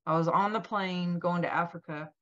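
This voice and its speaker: A woman guest in an interview telling a personal story in a lively way, acting out what each person said. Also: lowish voice, moderate pace. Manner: animated, acts out quoted dialogue. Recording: dull lo-fi sound.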